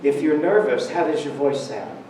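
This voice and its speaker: A man's voice: fairly high pitch, moderate pace, background noise. A man giving a Sunday talk at church, telling stories conversationally with humor. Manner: conversational, humorous storytelling with laughs. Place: church sanctuary. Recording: roomy church hall, speaker far from mic.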